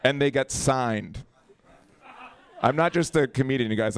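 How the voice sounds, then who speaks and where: A young man from Colombia doing a stand-up comedy set on a club stage into a handheld mic, hosting the night and jumping into quick voices and impressions. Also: mid-range voice, smooth. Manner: animated, jumps into voices and impressions.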